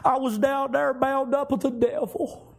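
A man's voice: unhurried, creaky, dark tone, husky, exaggerated voice. A man preacher voicing a wife joyfully telling how she was set free, in a raised, fervent voice. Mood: fervent, rejoicing. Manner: pitched up, fervent testimony. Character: joyful wife freed by grace, woman.

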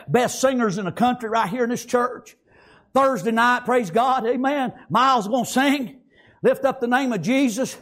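An older male pastor preaching a fiery sermon in a folksy country dialect, breaking in with praise and amens. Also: very high voice.

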